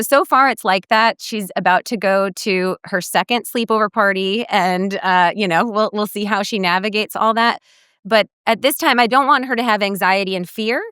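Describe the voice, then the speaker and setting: Woman guest dietitian, middle-aged, animated storyteller; clear, crisp voice. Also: medium pitch, no echo, clean studio sound. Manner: warm storytelling, animated quoting of others. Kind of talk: podcast interview.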